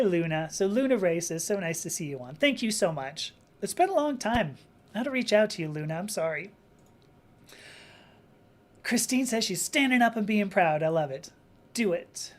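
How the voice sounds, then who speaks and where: A woman talking on her live stream in a loose, rambling way. She restarts her sentences often, gets animated, and slips into quick acted-out voices when she quotes people. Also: medium pitch. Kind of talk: live-stream talk reading viewer comments.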